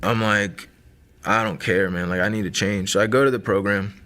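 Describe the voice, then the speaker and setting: A man in his thirties tells his life story in a loose, chatty way, leaning on "like" and "man" as he goes. His voice sits a little low but sounds bright and forward. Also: steady tone, moderate pace. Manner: conversational, many fillers like "like" and "man". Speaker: guest sharing a testimony. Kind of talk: casual personal testimony.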